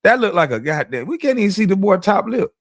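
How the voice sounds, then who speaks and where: A man's voice: sits high, very animated, fast, no echo, studio quality. A man ranting casually on his vlog, mocking and profane, often laughing. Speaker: vlogger and commentator.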